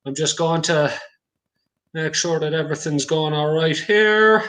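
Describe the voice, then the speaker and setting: A man's voice: a little high, measured pace, fairly bright tone. An Irish man with a County Clare accent hosting a casual livestream, chatty and reading out viewer comments with casual swearing. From Ireland. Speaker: livestream host.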